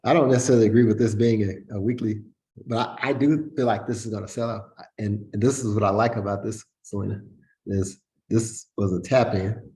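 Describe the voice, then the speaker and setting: A man's voice: on the low side, steady tone, brisk, mellow. A man hosting a casual market analysis chat, talking in a hesitant way with lots of fillers and restarts.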